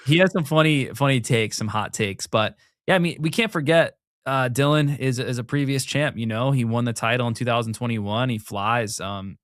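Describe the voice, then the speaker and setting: Man, casual co-host, curious and questioning, middle pitch, dry close sound. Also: moderate pace, few pauses, fairly bright tone, dry recording. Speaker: show co-host. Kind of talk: casual motocross chat.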